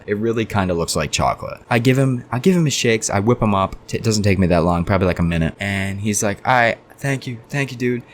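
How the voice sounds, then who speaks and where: A man's voice: low-pitched, a little hiss or hum. A young man telling a storytime vlog in a casual, profane, rambling way that keeps drifting onto tangents. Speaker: storytime vlogger.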